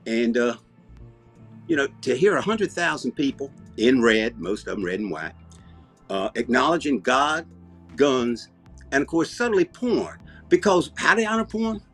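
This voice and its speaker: A man with an Alabama Southern accent, hosting a comedy show and rambling deadpan through comic banter. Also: medium pitch, a little slow, husky, soft background music. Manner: rambling, deadpan, self-interrupting.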